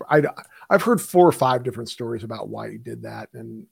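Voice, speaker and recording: Brief: Texan co-host, gravelly and dry, laughs a lot in easy chat. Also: male voice, medium pitch, expressive, brisk, a little mellow, dry recording. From Texas. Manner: laughs easily, loose and joking. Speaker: podcast co-host. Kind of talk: casual chat.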